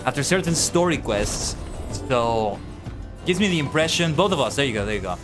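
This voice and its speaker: A man's voice: mid-range voice, animated, moderate pace. Chatty young male game streamer. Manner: chatty, talks to chat. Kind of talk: livestream gameplay commentary. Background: game music.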